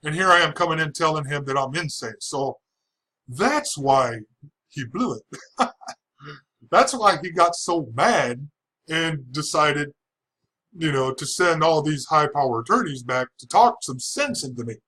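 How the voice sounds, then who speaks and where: A man's voice: a little high, expressive, measured pace, sharp tone, low-quality recording. A man casually telling a personal testimony in a chatty way, with frequent restarts and chuckles. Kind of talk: casual storytelling.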